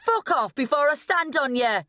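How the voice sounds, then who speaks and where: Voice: mid-range voice, lively intonation, moderate pace, a bit bright, no echo, clean studio sound, voice pushed up, natural voice. A narrator voicing a foul-mouthed, angry teenage girl in an audiobook who snarls insults. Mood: yelling.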